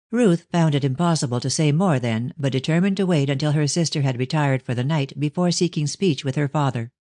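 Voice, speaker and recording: A man reading a mystery novel aloud as an audiobook narrator, in a steady storytelling manner. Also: fairly high pitch, no echo, studio quality.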